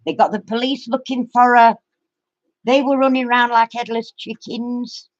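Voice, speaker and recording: A woman's voice: a little high, level tone, moderate pace, dry recording. Rambling woman, muffled. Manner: rambling storyteller. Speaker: craft channel host. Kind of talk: casual live-stream chat. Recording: dry, muffled lo-fi sound.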